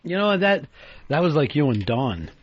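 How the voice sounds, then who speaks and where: Teasing male radio host, high voice. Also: sing-song, normal speed. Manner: teasing, dry. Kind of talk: casual radio banter. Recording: dull lo-fi radio broadcast.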